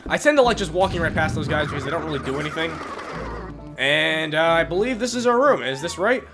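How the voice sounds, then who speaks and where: Excitable congested young man commentating gameplay. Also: on the high side, fast talker, music in the background. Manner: excitable, swears at enemies, jokey asides. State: congested from a cold. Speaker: let's play commentator.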